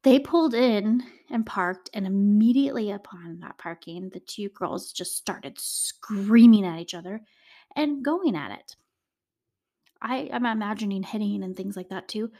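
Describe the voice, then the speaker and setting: A woman hosts a true crime podcast in casual storytelling mode. She talks straight to her listeners and drops in indignant asides. Her voice sits at an ordinary pitch for a woman. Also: unhurried, warm tone. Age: adult parent.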